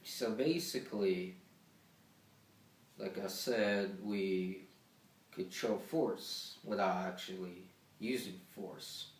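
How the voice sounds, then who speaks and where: In a laid-back vlog, a teenage boy speaks slowly in a low-pitched male voice, rambling through a story from school full of swearing and fillers. The mic is distant, leaving him off-mic in an echoey room.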